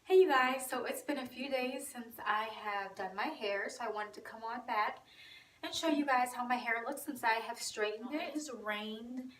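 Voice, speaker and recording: A woman vlogging in a gushing, excited way about her hair, now and then dropping to a whisper. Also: on the high side, moderate pace, roomy sound, distant mic, a little hiss or hum, low-quality recording. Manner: gushing, animated, drops to whispers. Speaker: beauty vlogger. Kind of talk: excited casual vlog chat.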